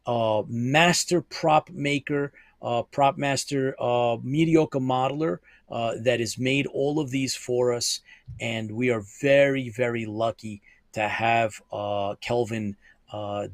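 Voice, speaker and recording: A man hosting a live interview show, speaking haltingly with many pauses and restarts. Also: medium pitch, fairly even intonation, no echo. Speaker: podcast host.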